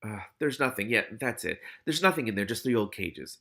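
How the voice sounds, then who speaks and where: A man's voice: fairly low pitch, expressive, fairly quick, creaky, a bit bright. A man reading the lines of a frightened, guilty rat catcher who stammers and pleads. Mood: panicked.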